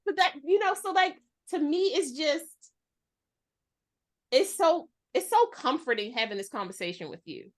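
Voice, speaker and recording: Woman in her forties, lively storyteller, slightly high voice, casual podcast guest. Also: normal speed. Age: 40s. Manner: animated storyteller, acts out voices. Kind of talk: casual conversation.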